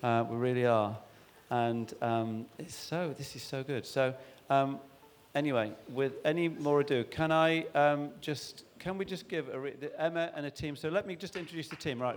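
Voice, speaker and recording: A man's voice: mid-range voice, a little hiss or hum. A man hosting a church event, introducing the speakers with lots of ums and restarts. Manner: rambling, halting, full of ums and restarts. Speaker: event host. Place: church hall.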